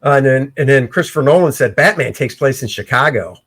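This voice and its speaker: A man hosting a casual livestream where he talks through his own comic pencils, excitable and breaking into shouts. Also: medium pitch, brisk, breathy edge. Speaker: comic artist and show host. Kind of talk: casual livestream art commentary.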